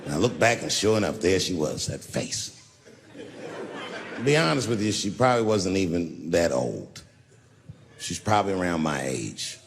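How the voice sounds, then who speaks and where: A male comedian working a stand-up set, spinning profane stories and lurching from shouted punchlines to low muttered asides. His pitch swoops widely from line to line. The sound rings through a hall with long reverb and a faint background hum. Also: sing-song, moderate pace, gravelly, pauses often.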